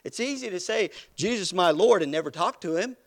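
A man preaching a sermon, building from quiet, hushed passages to loud, rising emphasis. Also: sits high, animated, brisk.

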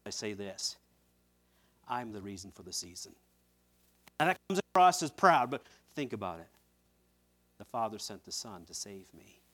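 A man preaching a sermon, fervently, moving between quiet, hushed lines and loud, emphatic ones, and repeating words as he stresses a point. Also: on the high side.

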